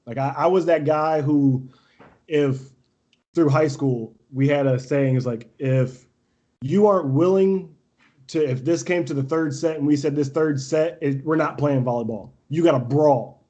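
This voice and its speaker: A young man swaps stories in a loose podcast chat, voice sitting on the higher side for a man. He talks with brash confidence and keeps breaking into laughter. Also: measured pace, muffled recording. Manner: brash, animated, laughs often. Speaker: podcast guest, volleyball coach. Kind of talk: casual storytelling interview.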